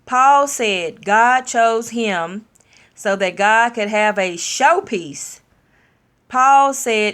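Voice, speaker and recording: A woman sharing a personal testimony in a sermon style, speaking openly and leaning slowly into her key phrases. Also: a little high, a bit bright, smooth. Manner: slow, drawn-out emphasis, candid and personal.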